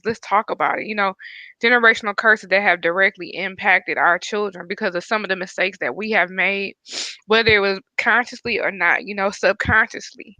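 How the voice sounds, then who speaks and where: A woman's voice: medium pitch, a little fast, pushed and bright, dry recording. A woman hosting a conversation, earnest and affirming, on a slightly muffled recording. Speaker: host. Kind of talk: conversational interview. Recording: slightly muffled, dry sound.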